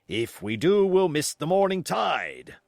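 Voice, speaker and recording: Man doing wily one-legged pirate cook, bluff gruff drawl, dry close sound. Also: fairly high pitch, sing-song, unhurried, dry recording, pitched above the performer's own voice, full character voice. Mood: hearty.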